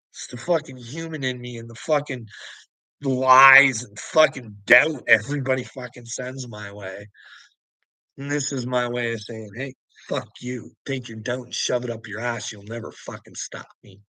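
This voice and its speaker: A man's voice: medium pitch, sharp tone, dry recording, rough recording. A man ranting in a rambling video monologue, agitated and swearing heavily, close to the mic. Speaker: religious video commentator.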